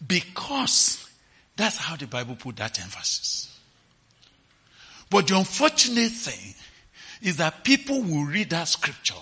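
With a high, slightly rough voice, a man preaches a sermon that swings between quiet, slow lines and sudden shouts. He often asks his listeners whether they understand.

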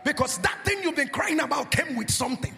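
A man preaching a charismatic sermon on a handheld microphone in a church hall, in a sing-song cadence that swings into shouting, and leading the congregation in call-and-response. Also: extremely high pitch, expressive, fairly quick, vocal fry. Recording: long hall reverb with music behind.

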